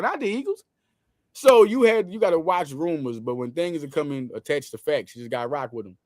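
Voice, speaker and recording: A man hosting a casual sports talk show, talking in loose slang with lots of quick restarts. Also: a little high, no room sound, clean studio sound.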